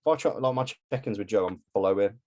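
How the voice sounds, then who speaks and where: A bodybuilder and posing coach in casual podcast chat, blunt and sweary. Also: male voice, on the low side, quick pace, a little mellow, highs cut off.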